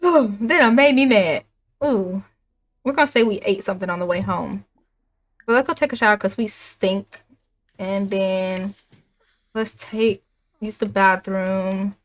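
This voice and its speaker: A woman's voice: mid-range voice, measured pace, long pauses. Chatty young woman narrating gameplay. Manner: chatty, animated, laughs often. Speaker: gaming YouTuber.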